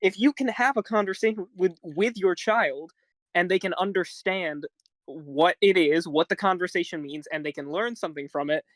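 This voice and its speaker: A young man in his teens co-hosting a casual podcast, talking in a rambling, halting way with many fillers. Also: sits high, a bit bright, no room sound. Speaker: podcast co-host. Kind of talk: casual chat.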